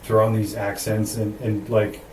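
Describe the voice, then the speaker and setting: A man's voice: fairly low pitch, little pitch movement, a little slow, darkish tone, slight background noise. A man co-hosting a podcast in casual chat, joking, swearing and laughing often. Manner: laughing, profane, jokey. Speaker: podcast co-host. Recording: roomy, distant mic with faint ambience.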